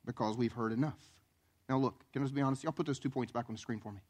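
A man preaching a sermon as pastor, animated, acting out voices and questions. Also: medium pitch, quick pace. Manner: animated, acts out voices and questions, southern "y'all".

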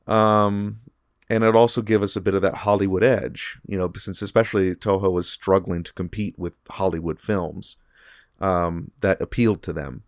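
Low-voiced man rambling on a podcast. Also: fairly even intonation, normal speed, dry recording, studio quality. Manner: rambling, many fillers and restarts. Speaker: podcast co-host. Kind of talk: casual podcast chat.

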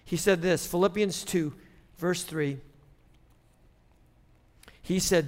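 Pastor guy preaching, kinda high voice, repeats himself, gets loud and pushy on the big points. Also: animated, a little slow, long pauses. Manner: rising to loud emphatic preaching; conversational with frequent restarts. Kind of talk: sermon.

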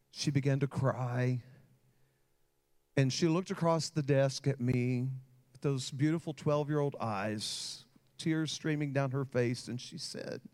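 A man's voice: medium pitch, a little mellow. A man, a pastor, preaching a sermon and telling a personal story with growing intensity. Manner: storytelling with rising emotional intensity.

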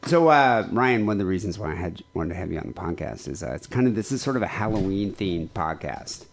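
A man hosts a casual podcast, his pitch swinging widely as he rambles through jokes. He talks loosely, full of fillers and restarts. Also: lively intonation, fast, gravelly. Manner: joking, rambling, lots of fillers. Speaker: podcast host. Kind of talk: casual chat.

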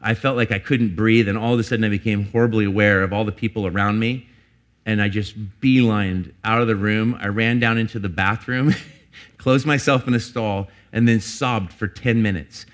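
Middle-aged guy pastor giving a sermon, earnest, kinda confessional, gets loud then quiet. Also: on the low side, steady tone, normal speed. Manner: earnest, confessional, rising to emphatic peaks.

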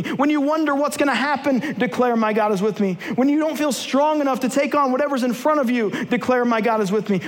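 A man's voice: very high voice, big-room sound. A man preaching a sermon to his church, telling a personal story and then leading repeated rallying declarations. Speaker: pastor. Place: church sanctuary.

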